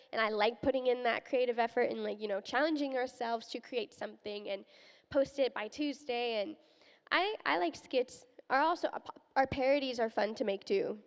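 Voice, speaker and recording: High-voiced woman rambling with fillers. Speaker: YouTuber guest. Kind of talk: live stage Q&A. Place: large convention hall. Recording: echoey convention hall.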